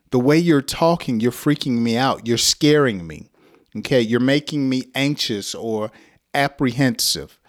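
A middle-aged American man explains English words at an unhurried, deliberate pace. His voice sits at a middle pitch and he keeps checking in with the listener as he teaches. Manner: slow, patient explanations with frequent "okay?" check-ins and chuckles. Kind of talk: casual spoken lesson.

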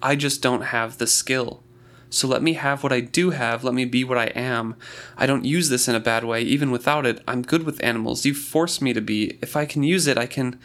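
A man reading aloud voices an earnest young man who pleads in halting, restarting phrases. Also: mid-range voice, a bit bright, lightly acted. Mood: pleading.

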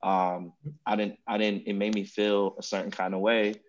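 A man's voice: on the low side, level tone, moderate pace, muffled recording. A man on a casual podcast talking reflectively in a conversational way. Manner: reflective, conversational, frequent "you know what I'm saying". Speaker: podcast co-host.

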